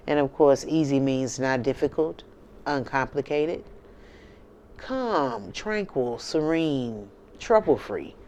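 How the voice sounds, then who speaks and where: Over slight background noise, a deep, warm-voiced American woman addresses viewers on her own channel. Her tone is casual yet emphatic, and she keeps checking in with "okay?" and "you know."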